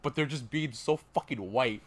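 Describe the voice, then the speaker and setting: A man's voice: medium pitch, moderate pace, a loud crowd. A young man from Canada co-hosting a podcast, rambling in casual chat with lots of fillers and laughs. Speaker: podcast co-host.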